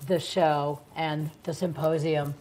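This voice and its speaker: A woman's voice: deep voice, level tone, takes it slowly, dark tone. A woman co-hosting a local TV morning show, speaking effusively and laughing as she chats. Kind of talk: casual TV chat.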